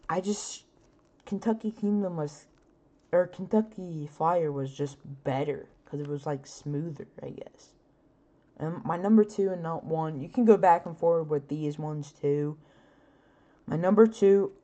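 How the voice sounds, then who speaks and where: In a casual solo chat on her own podcast, a woman speaks with plenty of fillers. Her low-pitched voice has a warm tone and is a bit scratchy.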